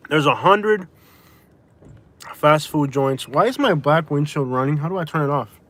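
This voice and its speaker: A man's voice: a little high, normal speed, a bit bright. A man from Florida, live-streaming from inside his car, talking in a rambling, casual way, often restarting and correcting himself, and tired with a migraine. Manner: rambling, self-correcting, chatty. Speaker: vlogger. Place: inside a vehicle.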